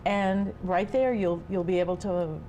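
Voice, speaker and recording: A woman's voice: on the low side, measured pace, dark tone, slight background noise. A woman guest promoting an event on a TV show, speaking hesitantly with fillers. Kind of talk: TV interview.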